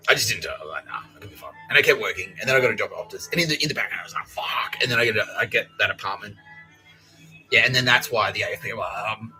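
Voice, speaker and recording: A man's voice: fairly low pitch, rapid-fire, sharp tone, soft background music, low-quality recording. A man hosting a podcast, talking in a profane, laughing, rambling monologue. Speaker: podcast host.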